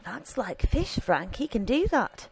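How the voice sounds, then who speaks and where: A woman's voice: a little high, very animated, measured pace, creaky, breathy edge, pitched above the performer's own voice, full character voice. A woman reading aloud and voicing a dry, curt male priest of fifty-nine.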